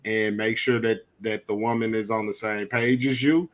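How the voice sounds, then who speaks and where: A young man hosting a podcast in relaxed, joking conversation with plenty of slang. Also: on the low side, normal speed. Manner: laid-back, joking, Southern Black American slang. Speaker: podcast host. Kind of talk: casual chat.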